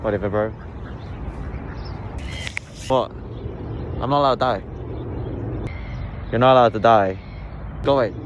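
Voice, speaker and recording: A man voicing a goofy, pushy young guy in a loud, squeaky, exaggerated way. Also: slow, long pauses, dull audio, background noise.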